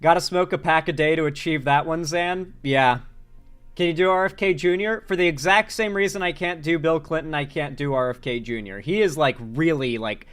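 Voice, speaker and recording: A man hosting a live political commentary stream, reading chat aloud in an animated, joking way and swearing casually. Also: fairly high pitch, normal speed, smooth, soft background music.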